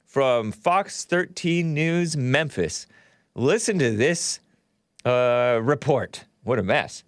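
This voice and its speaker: Lively, chuckling male stream host. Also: mid-range voice, slow, no echo. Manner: animated, jokey, chuckles often. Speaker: show host. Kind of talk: live-stream call-in talk show.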